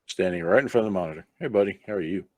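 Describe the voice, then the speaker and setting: A man's voice: low voice, racing, darkish tone, dry recording. A man as game master, narrating a tabletop game in an easygoing, chatty way. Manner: easygoing, chatty, breaks off to talk to a pet.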